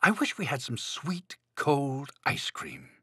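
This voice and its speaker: A man voicing a calm, gentle male frog in a children's storybook reading, with mild, patient remarks. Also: medium pitch, slow pace, husky, no room sound, full character voice.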